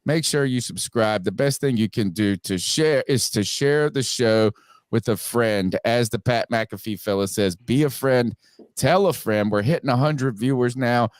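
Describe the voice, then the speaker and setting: Upbeat guy hosting a sports podcast, quick plugs, dry close mic. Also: medium pitch, no room sound. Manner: upbeat, promotional, rapid plugs. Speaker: podcast host. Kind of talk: casual sports podcast talk.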